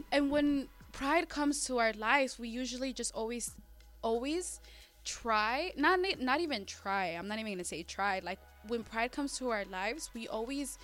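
Animated higher-voiced woman discussing faith. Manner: animated, acts out quotes, frequent restarts.

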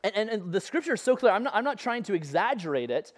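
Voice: medium pitch, sing-song, fast. A preacher giving a conversational sermon, retelling a scripture story with playful asides.

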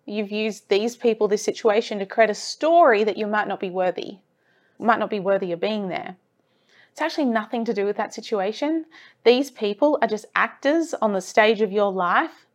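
A woman talking earnestly as a self-development coach, encouraging the listener and repeating phrases for emphasis. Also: mid-range voice. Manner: earnest, encouraging, with rhetorical repetition. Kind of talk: motivational monologue.

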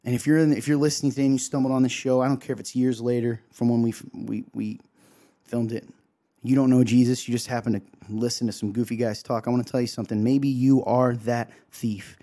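A man's voice: mid-range voice, flat delivery, fast, warm tone. A man co-hosting a show, giving an emotional sermon-style talk, earnestly acting out quotes and often asking "right?". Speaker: co-host sharing a devotional.

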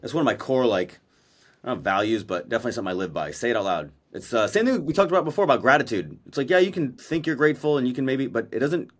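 A man co-hosting a podcast in casual chat, blunt and profane, a self-described verbal processor talking over a video call. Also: medium pitch. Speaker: podcast co-host. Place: Maui.

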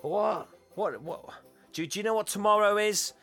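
A man voicing a fussy young woman parking warden in a shrill, indignant, fake Cockney accent. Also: animated, brisk, soft background music.

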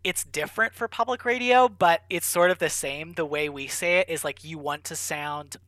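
Young man, radio reporter, bright clear voice, dry close sound, casual with lots of fillers. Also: a little high, moderate pace, no echo, low-quality recording. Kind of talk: conversational interview answers.

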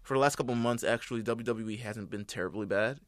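A man's voice: medium pitch, fast, dry recording, clean studio sound. Laid-back young man on a podcast. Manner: laid-back, profane, laughs often. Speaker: podcast co-host. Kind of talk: casual podcast banter.

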